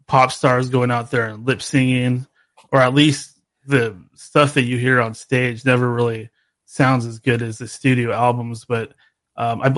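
Casual host, man, mid-range voice, loose halting questions, dry close sound. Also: medium pitch, fairly bright tone, no echo. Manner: easygoing, halting with fillers. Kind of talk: casual interview.

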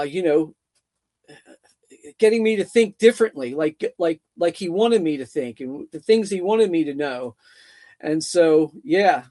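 High-voiced middle-aged man, rambling. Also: a little mellow, no room sound. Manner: rambling, repeats words, frequent fillers. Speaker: guest. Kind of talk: casual interview storytelling.

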